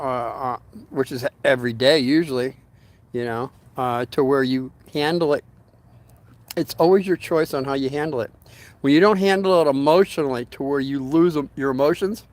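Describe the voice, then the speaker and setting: A man's voice: mid-range voice, moderate pace. Rambling folksy older man chatting to viewers. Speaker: livestream host reading viewer comments. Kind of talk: casual storytelling livestream.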